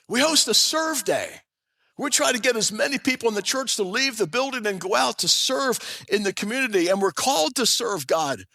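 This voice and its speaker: A pastor with a high, pushed, bright voice preaches a sermon in a church sanctuary, vividly retelling a story and addressing his congregation directly. The recording carries the long reverb of a church hall.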